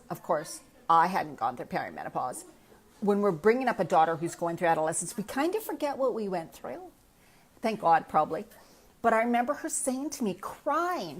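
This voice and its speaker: A woman in her fifties, a midlife health coach, talking candidly in a casual live chat and answering viewer comments from her own experience. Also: fairly low pitch. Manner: candid, chatty, speaks from personal experience.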